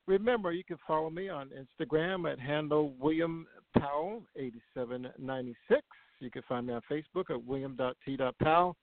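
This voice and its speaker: A man's voice: fairly high pitch, vocal fry, dry recording. A man hosting an interview show, giving brief enthusiastic reactions and signing off. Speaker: host. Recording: dry, phone-like audio.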